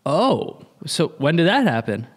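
A man's voice: on the high side, huge pitch swings, measured pace, husky. A man hosting a casual interview, asking curious follow-up questions. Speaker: podcast host.

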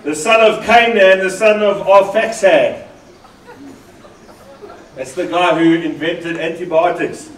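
A man from South Africa with a South African accent, preaching a lively sermon, joking and drawing in the congregation. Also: high voice, takes it slowly, long pauses. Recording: echoey hall from far off.

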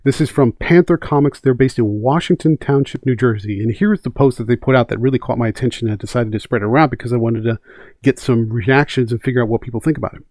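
A man's voice: mid-range voice, fast, a little mellow, dry recording. A man hosting a comics commentary channel, giving casual, opinionated talk and hammering home his key points by repeating them.

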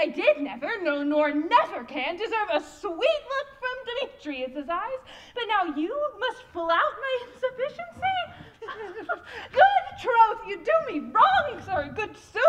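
A woman playing a wounded, lovelorn young woman speaks in a very high, animated voice. She drags her words slowly and laughs breathlessly through her distress. The delivery is theatrical, as on a live stage. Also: slight background noise, full character voice. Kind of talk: live stage Shakespeare acting.

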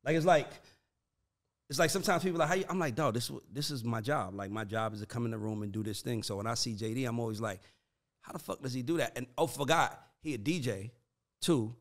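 A man hosting a casual chat, talking in a loose, profane and slangy way with lots of "like" and "dog". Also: mid-range voice. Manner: animated, profane, slangy storytelling with frequent "like" and "dog". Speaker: podcast host and manager of writers and producers.

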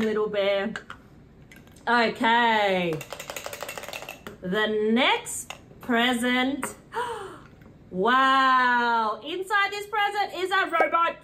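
Animated high-voiced woman teaching preschoolers. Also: slight background noise. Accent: British. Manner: slow, sing-song and animated, gasps and cheers. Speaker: children's presenter.

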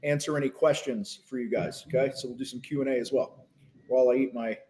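The host of this phone-recorded live show on selling speaks fast in a steady, darkish mid-range voice, with a little hiss or hum in the audio. He rambles casually with lots of fillers and false starts, sometimes talking with his mouth full.

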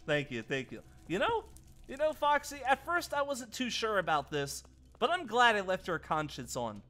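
Player doing a frightened ghost boy, stammery, bright lively voice, music under it. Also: medium pitch, normal speed. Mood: panicky. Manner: stammering, panicky, repeats words. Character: scared ghost boy stuck inside a pirate fox robot. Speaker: roleplayer. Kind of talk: playful game role-play.

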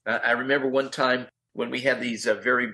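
Brief: older male interview guest, enthusiastic fast-talking raconteur, bright voice. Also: medium pitch, level tone, a little hiss or hum. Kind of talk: animated storytelling in an interview.

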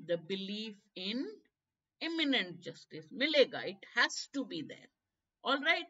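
Bright Indian woman teaching online. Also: mid-range voice, sing-song, measured pace. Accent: Indian English. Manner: explains step by step, code-switching into Hindi. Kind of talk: live online exam-prep class. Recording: dull lo-fi stream audio.

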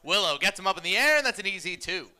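A man calling an esports basketball game play by play, quick and excitable. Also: high voice. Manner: quick excitable calls, laughs often. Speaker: play-by-play commentator.

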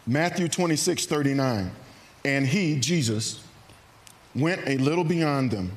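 A man preaching a sermon in a church, earnest and animated, acting out hesitant asides. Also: mid-range voice. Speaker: pastor. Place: church sanctuary.

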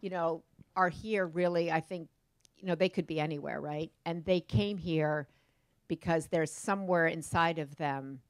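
Woman host, deep for a woman, dry sound, rambling questions. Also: normal speed, smooth, dry recording. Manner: loose rambling questions with many fillers. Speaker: interviewer. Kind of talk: casual onstage interview.

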